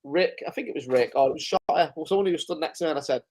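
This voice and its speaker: A man's voice: on the high side, racing, darkish tone. A man hosting a live-stream recap, chatting casually, swearing freely and chuckling through his stories. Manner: loose, swearing, chuckling storyteller. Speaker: host.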